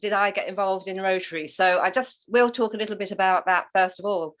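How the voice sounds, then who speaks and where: A middle-aged woman with an English accent, chatting as a guest in a livestreamed interview, upbeat and warm with her host. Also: mid-range voice, steady tone, fairly quick. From England. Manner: chatty, upbeat, says "honey" often. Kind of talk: casual interview chat.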